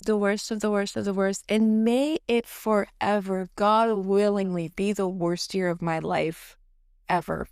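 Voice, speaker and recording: A woman's voice: medium pitch, darkish tone, clean tone, no echo, clean studio sound. Candid, profane young woman podcaster. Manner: frank and profane, chatty with many fillers; laughs through heavy topics. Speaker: podcast host. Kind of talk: candid solo podcast monologue. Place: home, recorded late at night.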